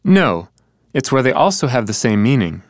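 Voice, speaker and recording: A man plays the answering partner in a scripted lesson dialogue, working through examples one by one. His pitch moves in an animated, wide range. The sound is close and dry, with no room around it. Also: normal speed, no room sound. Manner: explaining examples in reply. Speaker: co-presenter.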